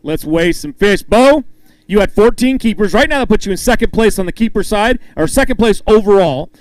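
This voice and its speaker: A man's voice: high-pitched, animated, brisk, no echo. A man announcing a fishing tournament weigh-in, calling up anglers, reading weights and joking with them on stage. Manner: upbeat, hypes each angler and jokes with them. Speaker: tournament emcee.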